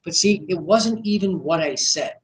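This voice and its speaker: High-pitched and expressive, this man speaks at a moderate pace. He's running a live sales training session for a small group in an echoey room, assertively acting out his conversations with people.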